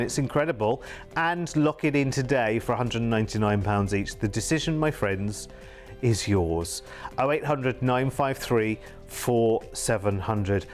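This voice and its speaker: A British man pitching cruise deals on a shopping channel, his voice sitting at an ordinary middle pitch. He talks in a chatty, upbeat way, with asides. A faint music bed plays under him. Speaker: cruise sales presenter.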